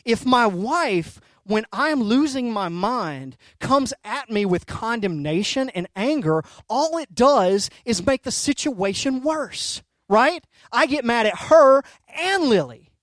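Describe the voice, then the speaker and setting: A man in his thirties preaching a sermon as a pastor, telling stories in an animated way that swings from soft to loud, and often checking in with "right?" and "okay?". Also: extremely high pitch, slow pace, few pauses, dry recording.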